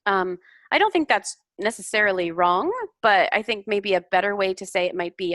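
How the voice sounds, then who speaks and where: A woman coaching a student's English over a video call, patient and encouraging. Her voice is bright and clear, recorded dry and close with no room sound. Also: medium pitch, moderate pace, dry recording. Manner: encouraging, explains corrections patiently. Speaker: English speaking tutor. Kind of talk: online tutoring feedback.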